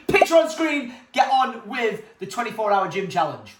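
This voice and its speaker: A man's voice: moderate pace, heavy background noise. A man, chatting casually to camera in a jokey vlog. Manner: chatty and jokey, lively swings in pitch. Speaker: vlogger.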